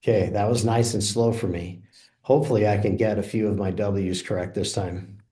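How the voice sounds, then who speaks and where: Clicking through each feature of a product demo, a man explains things calmly at a moderate pace in his fairly low voice. He's a software presenter, and the audio has a clear, roomy echo.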